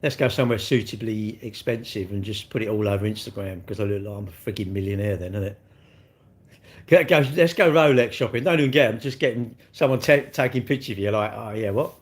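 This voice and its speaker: An older livestreamer with a lowish voice and quick pace chats casually on a live stream. He answers comments with blunt, teasing banter.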